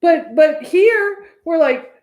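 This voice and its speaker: A woman's voice: extremely high pitch, lively intonation, slow pace, darkish tone, reverberant. A woman from the United States teaching meditation in a casual, chatty way, often checking in with "right?".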